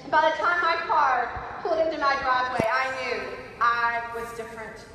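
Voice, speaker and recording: Emphatic woman conference speaker, high pitch, heard distantly in a reverberant hall. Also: steady tone, normal speed, slight background noise. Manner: emphatic, swings from shouting to soft. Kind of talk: motivational speech. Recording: echoey hall, voice from far off.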